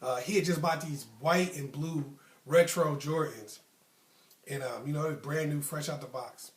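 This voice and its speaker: Man, slightly higher voice, relaxed storyteller with ums and likes, echoey room. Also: moderate pace, far from the mic. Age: adult, past his youth. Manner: conversational, many ums and likes, acts out friends' tough talk. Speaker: storyteller, channel host. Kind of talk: casual personal storytelling.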